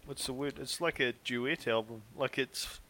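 Bright-voiced man joking on a podcast. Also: mid-range voice. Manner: jokey, swearing freely, halting explanations. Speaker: podcast co-host. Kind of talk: casual chat.

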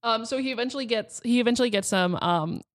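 A woman's voice: a little high, quick pace, no room sound, clean studio sound. A woman co-hosting a casual podcast, recounting a story with frequent laughter and fillers. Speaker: podcast co-host. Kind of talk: casual chat.

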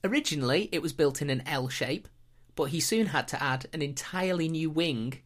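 A British woman hosts a casual podcast and tells a history story at a relaxed pace. Her humour is dry and wry, with little asides. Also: low voice, brisk. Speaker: podcast host.

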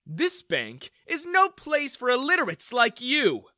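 Man voicing an arrogant, sneering bank manager, played loud and high. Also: wildly swooping pitch, measured pace, no echo, clean studio sound, heavily acted. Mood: mocking. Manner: mocking, condescending. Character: rude sneering male bank manager, middle-aged.

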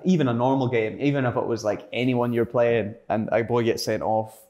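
A man's voice: medium pitch, steady tone, brisk, a little mellow. A young adult man with a Scottish accent, telling stories in a casual interview and rambling with fillers and restarts. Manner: rambling, lots of fillers and self-corrections. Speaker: interview guest, footballer. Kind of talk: casual storytelling chat.

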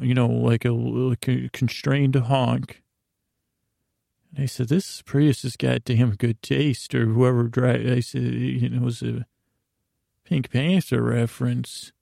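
A man telling a rambling comedic story in a deadpan, awkward way, stammering and correcting himself often. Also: mid-range voice, creaky, dry recording, studio quality. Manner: stammering, with many restarts and self-corrections.

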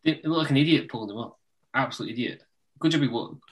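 A man's voice: mid-range voice, fast talker, slight background noise. A man co-hosting a casual wrestling podcast chat, rambling and laughing often. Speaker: podcast co-host.

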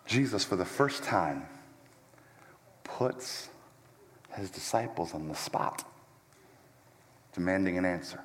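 A man preaching a sermon as pastor, animated and emphatic, with joking asides, walking around as he speaks. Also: deep voice, slow, pauses often. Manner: walks around while preaching. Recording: long church-hall reverb.

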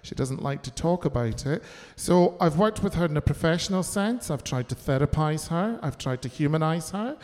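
A man chats as a guest, camp and bawdy, with a slightly raised voice. His stories tumble out quickly. A long reverb hangs around him from the venue. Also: a little high, expressive, darkish tone. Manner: camp, bawdy, rapid storytelling. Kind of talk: casual chat.

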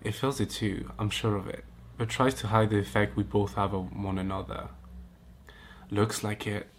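A man's voice: on the low side, steady tone, brisk, slight background noise. A man hosting a podcast, reading a romance story aloud and breaking off into giggly, mocking comments. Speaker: podcast host. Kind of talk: comic reaction reading.

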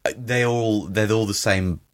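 A man's voice: on the low side, steady tone, a little slow. A man co-hosting a podcast in casual chat. He has a dry, wry manner and often corrects himself mid-sentence. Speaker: podcast co-host.

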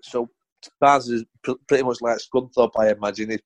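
A man's voice: medium pitch, steady tone, brisk, no room sound, poor audio. A middle-aged man, a former footballer telling blunt, sweary stories in a casual interview. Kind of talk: casual anecdotal storytelling.

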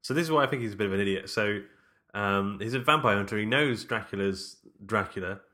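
A man's voice: fairly low pitch, quick pace, pushed and bright. A man chatting casually about a film, laughing often and restarting his sentences.

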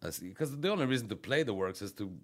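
A man's voice: medium pitch, animated, rapid-fire. A man, a comedian, telling a rambling, profane story in casual podcast chat. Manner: rambling, profane, self-interrupting. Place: radio studio.

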